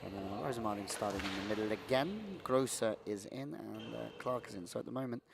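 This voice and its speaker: A man's voice: on the low side, brisk, vocal fry, noisy background. A man doing chatty live sports commentary, calling the play and joking with his co-commentator.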